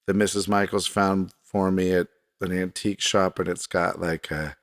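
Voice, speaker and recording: A man's voice: low-pitched, level tone, normal speed, no echo, clean studio sound. A man hosting his own podcast alone at his desk at home, talking in a rambling, self-deprecating way. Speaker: podcast host. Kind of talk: casual solo podcast monologue. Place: desk in a home recording room.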